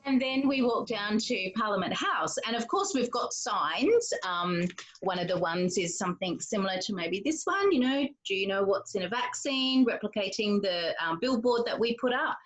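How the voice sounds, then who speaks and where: A woman's voice: mid-range voice, animated, normal speed, rough recording. A woman from Western Australia asking a question on a webinar, speaking hesitantly with frequent fillers. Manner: hesitant, lots of ums and uhs.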